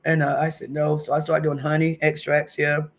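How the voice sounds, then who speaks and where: A woman's voice: low voice, flat delivery, normal speed. A woman in her fifties hosting a casual home livestream, chatty and emotional, calling her viewers honey and baby. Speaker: livestream host. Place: at home indoors.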